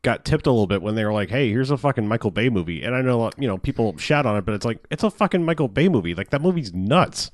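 A man's voice: medium pitch, animated, fast talker, few pauses, dry recording, studio quality. A man co-hosting a casual movie podcast, rambling and swearing a lot. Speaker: podcast co-host.

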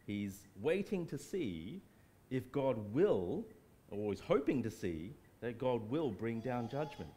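A man preaching a sermon, emphatic and animated, with playful asides. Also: mid-range voice, a little hiss or hum.

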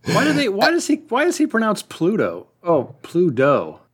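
A man's voice: extremely high pitch, brisk, husky. A man co-hosting a podcast in casual, chatty banter. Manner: chatty, lively, trails off quietly. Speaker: podcast co-host. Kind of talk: casual chat.

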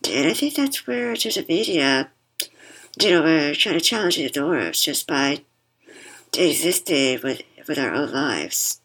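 A woman's voice: deep voice, sing-song, a little slow, a bit bright, slightly rough, rough recording. A woman guest speaking through a worn mask, thoughtful and reflective, sometimes repeating words. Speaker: podcast guest. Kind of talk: reflective conversation.

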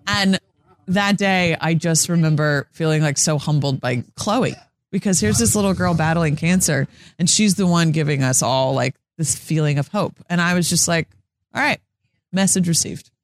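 A woman's voice: low voice, normal speed, no echo. A young woman, a sports TV reporter, telling stories in an earnest, chatty way, full of "like" fillers and acted-out quotes. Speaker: sports TV reporter, interview guest. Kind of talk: casual interview storytelling.

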